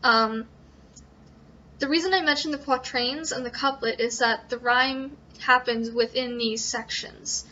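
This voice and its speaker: A young woman talks through poetry basics in a high, bright voice, often pausing with ums and correcting herself. The recording is dull and lo-fi. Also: steady tone, a little hiss or hum. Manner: hesitant, many ums and self-corrections. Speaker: student presenter. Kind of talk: informal tutorial.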